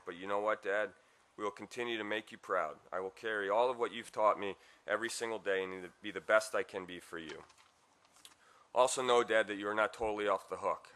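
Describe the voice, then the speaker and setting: A man's voice: on the low side, sharp tone. A man giving a heartfelt eulogy for his father at a memorial service, with wry asides.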